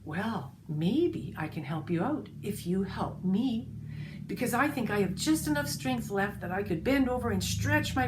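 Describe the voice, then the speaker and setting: A woman voicing a weak, thirsty dying tree that speaks faintly and slowly, with sighs. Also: mid-range voice, background noise, close to an everyday voice. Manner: faint, sighing, slow.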